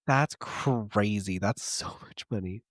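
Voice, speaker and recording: Very deep-voiced woman podcaster. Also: no room sound, clean studio sound. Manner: playful, quick reactions and jokes. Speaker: podcast co-host. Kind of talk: casual chat.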